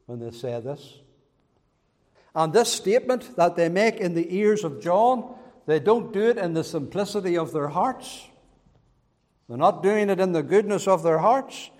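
A man's voice: high voice, long reverb tail. A man preaching a sermon as pastor, with an emphatic, repetitive preaching cadence. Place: church.

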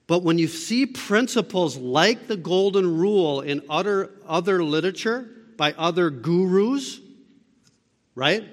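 A man preaching with a fairly high voice, driving his points home through rhetorical questions. His sermon rings out with a long hall reverb around him. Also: fairly bright tone. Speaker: pastor.

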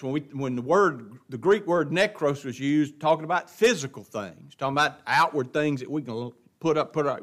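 A man's voice: medium pitch, fairly bright tone. A man teaching an adult Bible class verse by verse, in a folksy, emphatic preaching manner that repeats words for stress.

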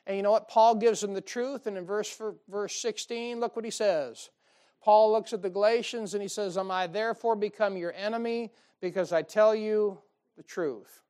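A man with a high voice preaching from the pulpit. He talks in a folksy, emphatic way, full of asides and questions to his listeners. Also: a little mellow. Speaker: pastor. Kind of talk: sermon.

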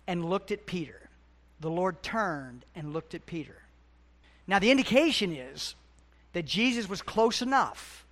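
A middle-aged pastor delivers a sermon in a notably high-pitched voice. He preaches with passion, climbing to loud, emphatic peaks before falling back to quiet, hushed asides.

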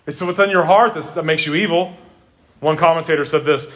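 A man's voice: fairly high pitch, fairly quick, a bit bright. A man preaching a sermon, emphatic, repeating words for stress and addressing his listeners directly. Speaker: pastor.

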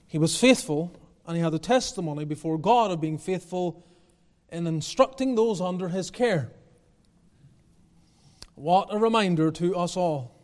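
A man's voice: high-pitched, darkish tone, big-room sound. A male pastor preaching a sermon, building with emphatic repetition and rising intensity.

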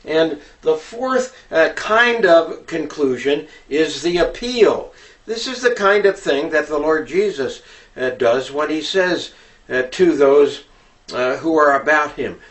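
Slow, earnest man teaching preaching. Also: on the high side, animated, a bit bright. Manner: deliberate, earnest, hesitant with fillers. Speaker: preaching instructor. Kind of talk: instructional talk on preaching. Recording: voice distant from the microphone.

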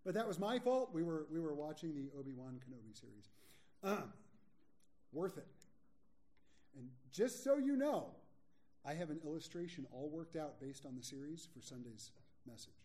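A man preaching a sermon as pastor, candid and joking, and slowing down to stress his key points. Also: on the high side, sing-song, warm tone. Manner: candid, joking, slows for emphasis. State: a little sleepy.

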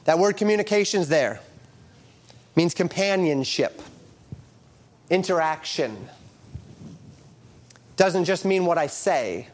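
Preaching emphatically, this man reads from the King James Bible and works through it verse by verse. His pitch and volume swing up and down in lively fashion.

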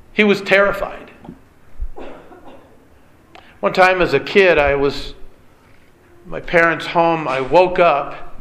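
A man's voice: high voice, pushed and bright, rough recording. A male preacher giving an emphatic sermon, repeating key phrases and putting questions to his listeners.

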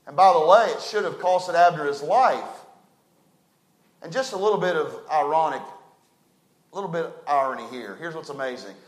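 A man preaching a sermon, folksy and emphatic, swinging from loud to hushed. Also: a little high, animated, moderate pace, long pauses, reverberant.

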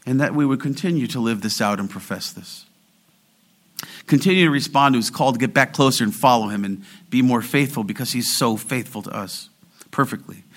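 A male pastor delivering a sermon with a bright, forward voice. He sinks into quiet, low asides, then climbs into raised, drawn-out declarations, and he reads scripture at a slow, deliberate pace. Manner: quotes scripture slowly and deliberately.

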